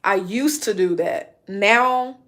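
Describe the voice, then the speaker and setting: A woman's voice: mid-range voice, slow pace, fairly bright tone. A woman in her late thirties talking straight to her live-stream audience, blunt and emphatic, stacking up repeated lists to drive home her point. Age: 30s. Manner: blunt, emphatic, repetitive listing. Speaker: livestreamer. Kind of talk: casual live-stream rant.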